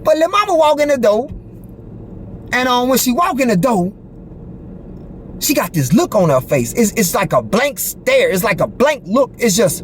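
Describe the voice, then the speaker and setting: Here the same kind of speaker, a man with an extremely high voice, moves at a moderate pace and pauses often, with a little background noise present. He's recounting something from his own life directly to the camera, swearing heavily in street slang and constantly asking "you feel me" in an animated, casual storytelling style.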